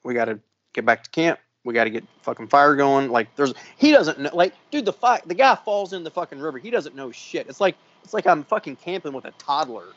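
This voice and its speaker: A podcast co-host with a fairly high voice talks a little fast as he tells a long story on a casual show. He swears a lot and acts out the other people involved, an animated, profane storyteller. The sound is lo-fi, with no room sound.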